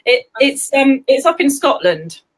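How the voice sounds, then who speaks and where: An English woman hosting a casual live chat, chatty and quick to giggle. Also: high-pitched, big pitch swings, rough recording. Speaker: host.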